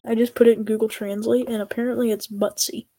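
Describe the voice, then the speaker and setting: A woman's voice: a little high, flat delivery, fast talker, warm tone, no echo. A woman chatting casually as co-host, offhand and tentative. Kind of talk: casual chat.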